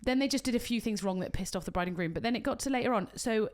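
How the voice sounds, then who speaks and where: A British woman and wedding coordinator, co-hosting a podcast and telling an animated story full of acted-out quotes. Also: fairly high pitch, racing. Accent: British English. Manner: animated storytelling, acts out quotes, swears casually. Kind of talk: casual chat, storytelling.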